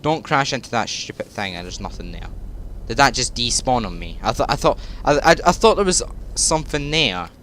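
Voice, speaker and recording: A man's voice: medium pitch, very animated, fairly quick, a bit bright. A teenage boy with a Scottish accent, rambling through casual gameplay commentary and often correcting himself mid-sentence. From Scotland. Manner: chatty, tangential, self-correcting. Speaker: gaming YouTuber. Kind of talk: rambling let's-play commentary. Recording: truck engine and traffic sounds under voice. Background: driving game sounds with reversing beeps.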